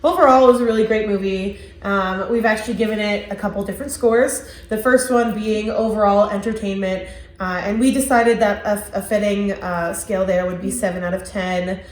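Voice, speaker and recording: A woman's voice: mid-range voice, steady tone, fairly quick. Enthusiastic woman in an echoey room. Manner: enthusiastic, many fillers and restarts. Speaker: podcast co-host. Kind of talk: casual movie review chat. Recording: roomy echo.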